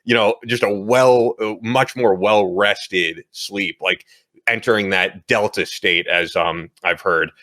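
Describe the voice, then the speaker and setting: A man's voice: fairly low pitch, steady tone, slow pace, sharp tone. A man hosting a podcast in casual chat, easygoing, laughing often and filling his talk with "like". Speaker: podcast host. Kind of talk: casual chat and host-read ad.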